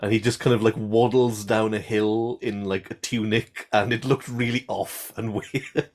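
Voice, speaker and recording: A man's voice: lowish voice, fairly even intonation, normal speed, darkish tone. A man co-hosting a film podcast, easygoing and often laughing, with hesitant restarts in casual chat. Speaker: podcast co-host.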